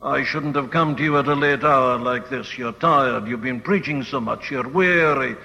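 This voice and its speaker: A man's voice: mid-range voice, racing, fairly bright tone, close to an everyday voice. A man voicing Nicodemus, a sarcastic old male teacher who asks mocking, incredulous questions. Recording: old dull recording in a reverberant hall.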